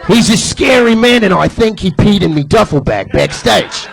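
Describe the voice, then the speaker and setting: Guy putting on a put-on aussie wrestler voice, all bravado, kinda scared, way higher than his own. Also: lively intonation, normal speed, gravelly, faint music behind. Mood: hammy bravado. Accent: put-on Australian. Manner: hammy wrestling promo, half laughing. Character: brash Australian wrestler, excited yet scared. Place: live comedy club stage.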